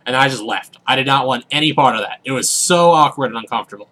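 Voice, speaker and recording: A man's voice: mid-range voice, fast talker, few pauses, bright, forceful tone. A young man casually rambling through a story while commenting on a video game, full of fillers and asides. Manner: rambling, filler-heavy, chatty. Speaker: let's play host.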